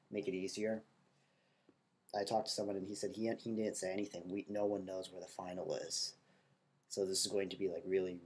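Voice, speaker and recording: A young man with a stuffy nose and a nasal voice, talking softly and rambling in a casual video diary. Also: low-pitched, breathy edge. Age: young adult. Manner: talks softly, rambling with fillers. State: stuffy-nosed from allergies. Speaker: college student vlogger.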